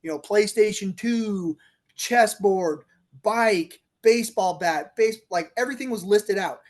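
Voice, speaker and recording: Animated high-voiced male storyteller. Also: a little slow. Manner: animated storyteller, laughs often, acts out quotes. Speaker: guest, police officer turned author. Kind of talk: casual storytelling interview.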